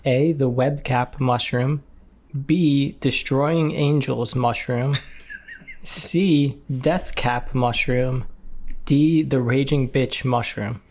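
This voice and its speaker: A young man chats easily on a podcast, laughing often and talking through bites of food. His voice sits at an ordinary middle pitch. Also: fairly even intonation, takes it slowly, slight background noise. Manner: chatty, giggly, talks with mouth full. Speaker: podcast co-host. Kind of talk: casual chat.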